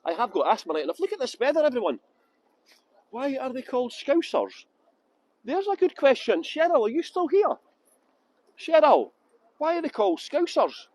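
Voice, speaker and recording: A man's voice: very high-pitched, big pitch swings, normal speed, pauses often, a little mellow, low-quality recording. A man with a Scottish accent from Edinburgh, guiding a live-streamed walking tour outdoors on city streets and talking in a jokey, self-mocking, chatty way into a handheld phone. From Scotland.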